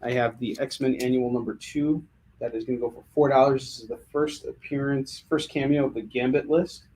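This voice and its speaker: An American man runs a livestream selling comics, chatting in an animated, jokey way full of fillers and restarts. His voice is mid-range and fairly quick, and the recording is rough.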